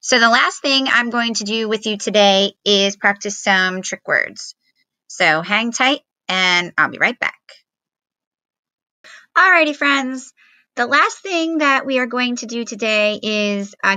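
A woman teacher giving a remote phonics lesson to young children, slowly sounding out letters and syllables in a patient, encouraging way. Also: a little high, sharp tone, no echo.

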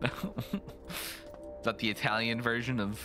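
A man streaming a video game, rambling and joking, now and then jumping into silly high voices. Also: little pitch movement, measured pace. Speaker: gaming streamer. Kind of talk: casual let's play commentary. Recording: game music behind the voice.

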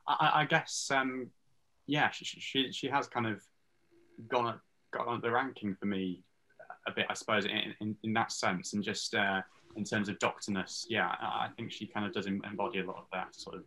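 A man's voice: on the low side, lively intonation, normal speed, sharp tone, rough recording. A man speaking as an interview guest, thoughtfully weighing his words in a casual chat. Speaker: online content creator guest.

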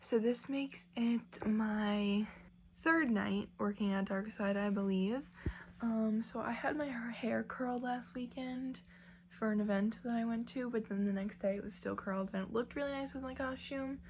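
Young adult woman, vlogger, higher voice, rambling casual chat, faint background noise. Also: a little mellow, highs cut off. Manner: chatty, rambling, many fillers like "like" and "um".

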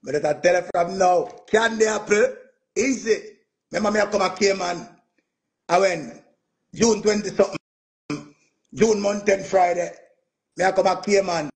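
High gravelly Jamaican man. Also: normal speed, long pauses. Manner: animated, boastful, repeats "man" and "yo", laughs through his telling. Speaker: music performer. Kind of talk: casual storytelling rant.

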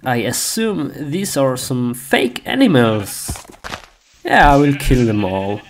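A man's voice: medium pitch, very animated, slow, a little hiss or hum. A man voicing a cheerful, reckless young hero in a cartoon, playful and giggly. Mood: gleeful.

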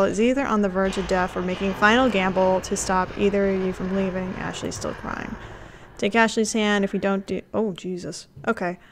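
Excitable woman streaming a game. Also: mid-range voice, slight background noise. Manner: excitable, reacts with gasps and laughs. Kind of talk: live game playthrough, reading text aloud.

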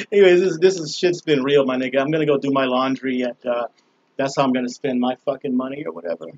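A man hosting his own vlog, ranting casually in a loose, profane, laughing way. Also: on the high side. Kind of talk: casual rambling rant. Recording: dull lo-fi with faint noise.

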